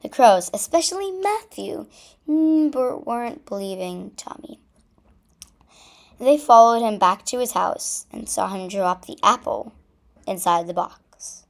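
Storyteller: woman, children's read-aloud, unhurried pace. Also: medium pitch, lively intonation, gravelly.

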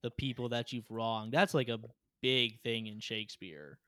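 A man co-hosting a relaxed conversation, his voice smooth and resonant. He retells scenes with animated energy and scatters filler words throughout. The sound is dry and close, with no room ring. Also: mid-range voice, normal speed, dry recording. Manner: animated storytelling, frequent "like" fillers. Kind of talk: casual chat.

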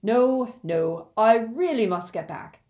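A woman voicing a gentle, worn-out middle-aged wizard man in a storybook reading, earnest and exclaiming. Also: on the high side, lively intonation, slow, pitched above the performer's own voice. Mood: overjoyed.

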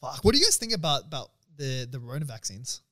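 A man co-hosting a casual podcast, excitable and swearing, throwing questions at the others. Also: mid-range voice, fast talker. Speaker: podcast co-host. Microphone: studio podcast mic.

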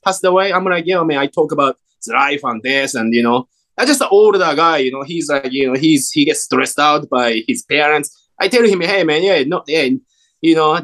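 Japanese-accented male guest, forties, expressive storyteller with a wide pitch swing. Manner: animated storyteller, acts out quoted voices, many fillers. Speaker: actor guest. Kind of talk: casual interview chat.

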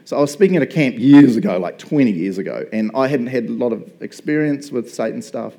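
A man in his fifties delivers a relaxed, storytelling sermon as a pastor, talking to the congregation like friends and breaking into laughs. His voice sits at an ordinary pitch with a soft, mellow tone. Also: a little fast, gravelly, poor audio. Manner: casual and chatty, laughs often, says "right?" and "bro".

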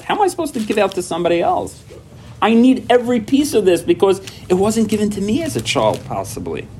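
Animated man telling parenting stories. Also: high voice, fast talker, a little hiss or hum. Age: adult parent. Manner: animated storytelling, acting out quoted dialogue; frequent repetitions and restarts. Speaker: recovery workshop speaker. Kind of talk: personal talk at a recovery workshop.

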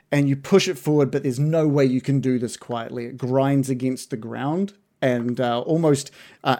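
A man in a mid-pitched voice narrates a tabletop game as game master. He talks in a relaxed, halting way, filling the gaps with ums. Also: creaky.

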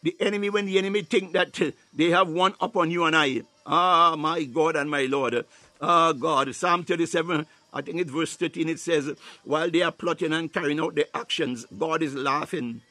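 A man's voice: a little high, normal speed, bright, forceful tone, no room sound. A man preaching a sermon, filling his phrases with "hallelujah" and "ah, my God" and breaking into tongues.

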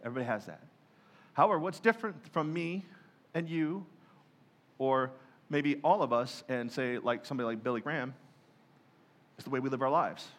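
A male pastor giving a lively sermon, joking and acting out people's prayers in mock voices. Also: mid-range voice, normal speed, long pauses.

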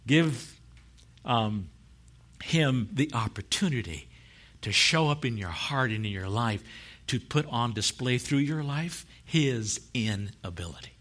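A man preaching a sermon who tells stories, laughs often, and swings from low and soft to loud and high. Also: expressive, takes it slowly. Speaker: pastor.

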